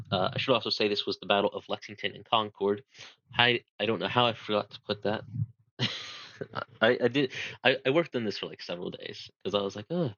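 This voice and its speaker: A man's voice: on the low side, sharp tone, no room sound, lo-fi sound. Man giving a rambling history talk. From United States. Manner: rambling, self-deprecating, many fillers. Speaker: amateur presenter. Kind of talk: casual history presentation.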